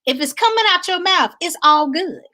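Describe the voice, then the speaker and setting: A woman's voice: very high voice, expressive, moderate pace, pushed and bright, poor audio. A woman with a Southern US accent hosting a talk show in a chatty, playful way. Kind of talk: casual chat.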